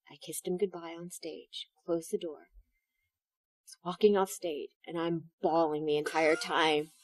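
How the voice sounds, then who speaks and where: A woman being interviewed about her stage acting, telling stories in an animated way and acting out the lines she quotes. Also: sits low, measured pace, dry recording. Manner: animated storytelling, acts out quotes. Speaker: stage actress, guest. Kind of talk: interview conversation.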